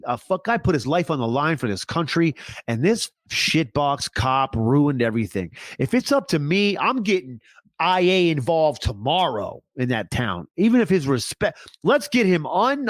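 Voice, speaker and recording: A man co-hosting a casual comedy podcast, profane and deadpan, with mock-serious asides. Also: on the high side, normal speed, no room sound, studio quality. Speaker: podcast co-host.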